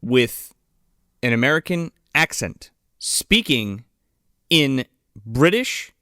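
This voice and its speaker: Animated, profane man reviewing a movie. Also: medium pitch, slow pace, dry recording, clean studio sound. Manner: profane, exasperated ranting. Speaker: podcast co-host. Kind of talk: casual movie review chat.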